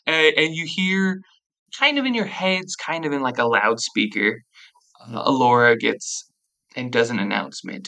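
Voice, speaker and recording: A gravelly, bright-toned game master leads a tabletop game. The narration rambles loosely as it moves the scene along. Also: mid-range voice, normal speed, poor audio.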